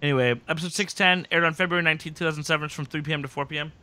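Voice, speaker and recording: A man's voice: on the high side, steady tone, very fast, pushed and bright, clear, resonant tone. A male podcast host recapping a TV episode in casual chat, joking and acting out scenes.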